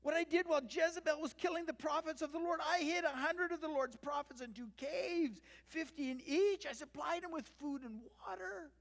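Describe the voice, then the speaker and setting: A preacher voicing a pleading, anxious male servant who is close to tears, in a much higher voice than their own. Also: a little fast, few pauses. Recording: long church reverb.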